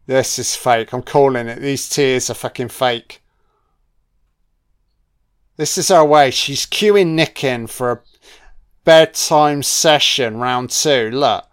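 Male commentator, mid pitch, swears a lot, joking and casual. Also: slow, long pauses, smooth. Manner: profane, jokey, heavy swearing. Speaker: film commentator.

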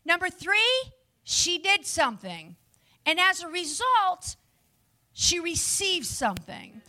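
Woman preacher, very high and bright, energetic sermon delivery. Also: takes it slowly. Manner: energetic and lively, chatty asides to the audience. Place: before a live audience.

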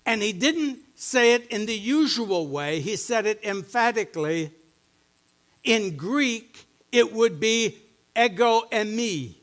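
Inside a church sanctuary, a middle-aged pastor delivers a sermon, shifting between quiet, low musing and loud, emphatic teaching. He speaks slowly with lively intonation.

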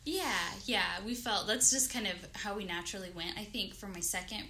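A woman in her thirties, a podcast guest telling a story in casual conversation, animated and acting out her own thoughts. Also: medium pitch, fairly quick. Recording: faint background noise.

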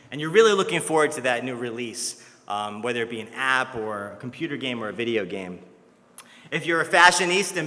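A man's voice: mid-range voice, in a large hall. A young man preaching a sermon in a church, telling stories in a conversational way. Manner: conversational storytelling, animated when quoting others. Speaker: pastor.

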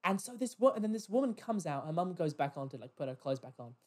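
A man's voice: on the high side, fast. A man on a podcast telling a story about a rude customer in casual chat, swearing and acting out what people said. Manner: animated, swears, mimics customers in quoted voices. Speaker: podcast host. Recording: poor quality audio.

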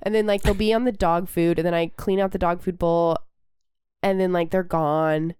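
A woman co-hosts a comedic podcast, blunt and quick to swear and laugh. Her voice is smooth and clear, recorded dry and close. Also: on the low side, fairly even intonation, a little mellow, dry recording. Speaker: podcast co-host. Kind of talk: casual comedic chat.

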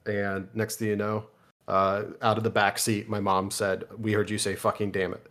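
A man's voice: on the low side, little pitch movement, normal speed, fairly bright tone. A young man co-hosting a casual podcast, telling crude stories in a rambling, jokey way. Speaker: podcast co-host.

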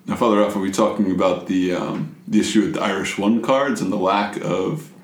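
A man co-hosts a casual chat, eager and agreeable, stammering as he goes. His voice is fairly low. The sound has a roomy echo. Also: fairly even intonation, a little fast. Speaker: podcast co-host.

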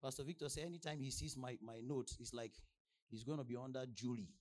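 A man with a Nigerian accent preaching a sermon as pastor, firing questions at the congregation and swinging from soft asides to loud exclamations. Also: medium pitch, fast talker. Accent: Nigerian English. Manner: animated preaching with call-and-response questions to the congregation.

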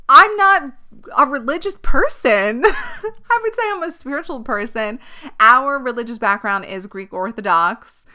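A woman in her thirties hosting a solo podcast, telling a personal story in a candid, animated way. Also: medium pitch, clear, resonant tone. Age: 30s. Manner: candid, animated storytelling with frequent swearing and laughter. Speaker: podcast host. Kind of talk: casual solo podcast chat.

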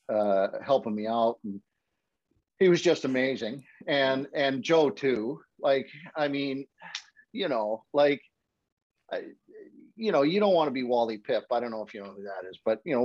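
Animated man telling a story. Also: dry recording. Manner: animated storyteller, acts out quotes with high voice jumps. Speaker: hockey broadcaster, podcast guest. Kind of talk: casual storytelling chat. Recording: dull, dry podcast audio.

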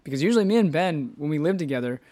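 A man hosting a podcast, telling a story in casual chat, animated, laughing often and swearing freely. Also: a little high, racing. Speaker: podcast host.

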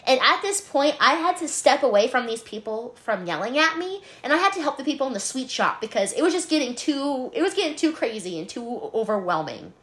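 A woman's voice: sits high, brisk, few pauses. A young woman co-hosting a casual podcast, telling a work story with lots of swearing and laughter. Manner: animated, swears freely, laughs while telling. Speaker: podcast co-host, hotel front desk worker.

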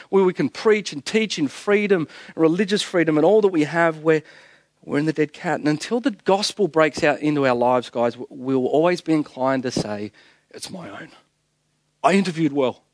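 A man's voice: high-pitched, no room sound, studio quality. A man with an Australian accent preaching a sermon as pastor, telling stories with humor, chuckling at his own jokes and firing off rhetorical questions.

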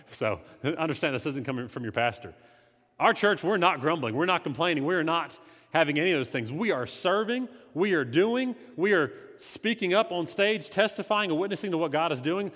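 A man, not the pastor, teaching his church in a conversational, animated way, swinging between loud emphasis and quiet confession. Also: on the high side. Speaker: lay preacher. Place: church sanctuary. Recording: reverberant hall.

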